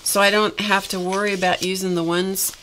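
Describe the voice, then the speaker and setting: A woman's voice: mid-range voice, flat delivery, fairly quick, noisy background. A middle-aged woman chatting casually on a craft live stream, exclaiming over gifts and talking to her viewers, her voice a little tired and coughing now and then. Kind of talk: casual live-stream chat, opening happy mail.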